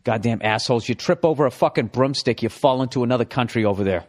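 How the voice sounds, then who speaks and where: A middle-aged man with a Boston accent, hosting a podcast with a profane, animated comedic ramble. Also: mid-range voice, fast. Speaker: podcast host.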